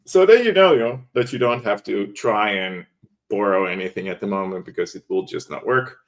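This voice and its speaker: A man hosting a casual crypto podcast, relaxed and joking dryly. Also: fairly low pitch, fairly quick. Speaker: podcast host.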